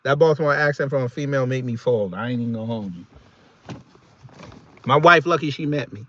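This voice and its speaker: A man hosting a casual reaction video, talking in an animated, slangy way and laughing often. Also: mid-range voice, fairly quick, lo-fi sound.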